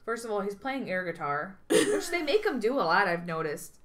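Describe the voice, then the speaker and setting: Lively bright-voiced woman podcaster. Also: medium pitch, moderate pace. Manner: animated, laughing, acts out quotes. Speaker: podcast co-host. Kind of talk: casual chat recapping a TV episode.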